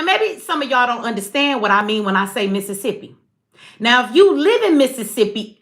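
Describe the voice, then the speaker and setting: A woman hosts a casual livestream, talking straight to her chat. She is blunt, sarcastic and quick to swear, and her voice sits fairly high. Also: a bit bright. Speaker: livestream host.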